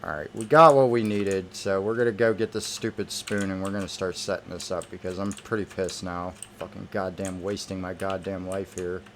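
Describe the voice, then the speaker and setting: A man talks over his gameplay in a fairly low voice, irritated and swearing nonstop. He speaks into a desk microphone with a faint hiss underneath. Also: fairly even intonation, moderate pace, few pauses. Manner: irritated, heavily profane ranting. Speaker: gamer. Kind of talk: gameplay commentary.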